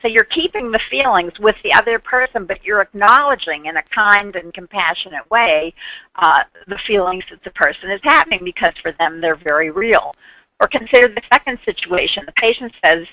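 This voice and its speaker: A woman's voice: mid-range voice, animated, normal speed, sharp tone, no echo, rough recording. A woman presenting an instructional webinar on patient care, explaining through worked examples and briefly acting out what people might say.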